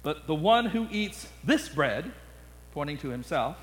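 A man preaching an expository sermon, slowing down dramatically on key words. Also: on the high side, sing-song, in a large hall, rough recording. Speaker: pastor.

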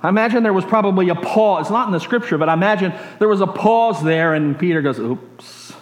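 A male pastor preaching a sermon as a lively story, stringing his sentences together with "and" as the excitement builds. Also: high voice, quick pace. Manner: animated, builds excitement in long chains of "and". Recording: roomy echo.

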